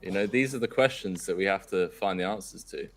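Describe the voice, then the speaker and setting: A man's voice: sits low, fairly quick. A man with an Australian accent doing live poker commentary, joking and teasing his co-hosts.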